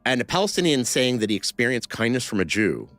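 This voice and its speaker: A man telling a personal story in conversation, halting with many fillers and restarts. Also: mid-range voice, sing-song, a bit bright, no echo, soft background music. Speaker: interview guest.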